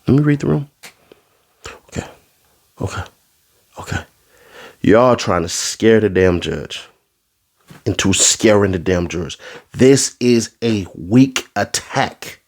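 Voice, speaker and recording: A man doing a casual commentary rant, full of street slang, who swings from low asides into high, exasperated outbursts. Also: animated, takes it slowly, long pauses. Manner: street slang, addresses the audience as bro. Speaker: commentary vlogger.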